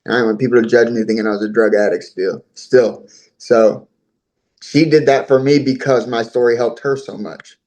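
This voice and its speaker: A man as an interview guest, telling his own story in a voice of average pitch. He talks on earnestly and at length, and he often repeats and restarts his words. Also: fairly even intonation, moderate pace, darkish tone, rough recording. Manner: earnest, talkative, repeats himself.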